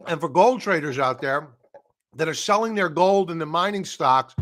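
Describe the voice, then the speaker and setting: A man's voice: on the high side, animated, normal speed, a bit bright. A man hosting a live stock-trading stream, talking casually and bluntly, scoffing at headlines and repeating his points for emphasis. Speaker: livestream stock trading host. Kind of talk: casual live market commentary.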